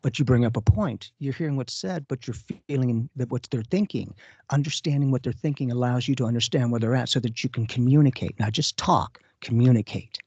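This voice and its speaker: A psychic medium co-hosting a radio talk show shares stories in a relaxed way, performing the voices he quotes. He speaks a little fast in a mid-range voice that's a little mellow and breathy. It's dull, lo-fi radio audio without echo.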